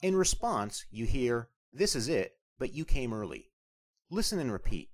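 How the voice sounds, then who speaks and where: Man drilling a language lesson, lively pitch. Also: unhurried. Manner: patient question-and-answer drilling, repeating each answer twice. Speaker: language teacher.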